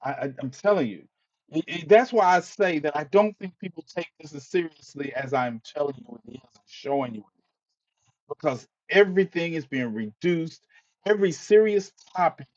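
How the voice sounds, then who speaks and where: A man's voice: on the high side, animated, moderate pace, muffled recording. A man hosting a live stream, ranting with exasperation, swearing, stammering and repeating himself. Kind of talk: impassioned live-stream monologue.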